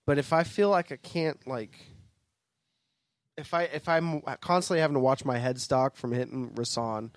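A man's voice: medium pitch, normal speed, dry recording. A man co-hosting a podcast as a guitarist, rambling in casual chat with frequent swearing. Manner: rambling, swears and laughs a lot.

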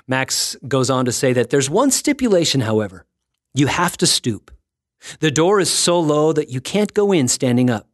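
An earnest man hosts a faith-and-fitness podcast, reflective and lightly self-mocking. His voice sits at an ordinary middle pitch. It is recorded close and dry, with no room sound. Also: very animated, normal speed, no echo. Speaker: podcast host and ministry founder. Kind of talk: scripted devotional podcast talk.

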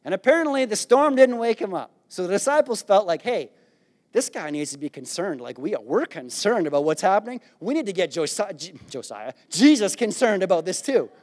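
A man preaching a sermon, retelling a scripture story in a playful, animated way and acting out the characters. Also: sits high, a little fast. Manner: animated storytelling, acts out disciples with a raised voice; playful, jokes with the congregation. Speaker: pastor.

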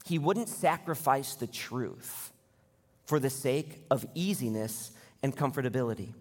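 A man's voice: medium pitch, animated, a little slow, a little mellow. A man in his thirties preaching a sermon as pastor, direct and conversational, asking the congregation questions. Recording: long hall reverb.

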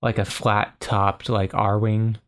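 A man improvising a tabletop story with meandering, deadpan asides. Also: on the low side, takes it slowly. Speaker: player.

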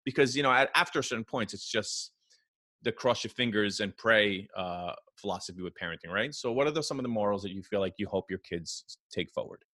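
A man's voice: lowish voice, fairly quick, pushed and bright, no room sound, clean studio sound. A man in his forties co-hosting a podcast, asking rambling questions and joking at his own expense. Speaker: podcast co-host. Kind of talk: casual podcast chat.

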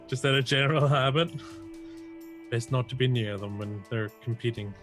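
A man playing a tabletop role-play game, hesitant and stammering. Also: mid-range voice. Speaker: player.

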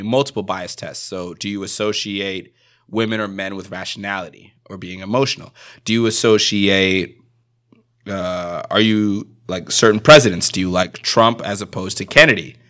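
Young man, from Jamaica, podcast guest, slangy, animated, bright lowish voice. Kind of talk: casual podcast conversation.

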